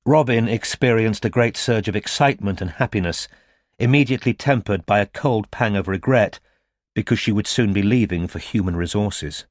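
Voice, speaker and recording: A man reads a detective audiobook in a low, measured voice. The close studio mic leaves the sound dry and free of echo. His pace is even and unhurried. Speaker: audiobook narrator. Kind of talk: scripted narration.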